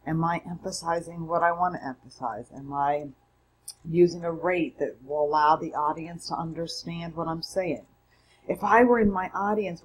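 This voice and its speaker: A woman's voice: lowish voice, a little mellow, slightly rough, low-quality recording. A woman instructor giving a conversational, emphatic recorded mini-lecture from home. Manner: conversational, emphatic, self-correcting. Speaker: college public speaking instructor.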